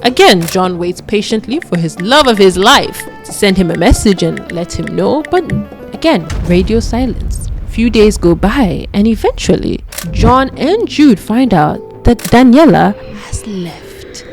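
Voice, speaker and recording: A woman tells a story in a relaxed, conversational way, like chatting with a friend. She drops her voice low when she quotes the characters. Her voice sits at a middle pitch, and faint music plays underneath. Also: a little slow. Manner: chatty, acts out quoted lines in a lower voice. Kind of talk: casual story narration.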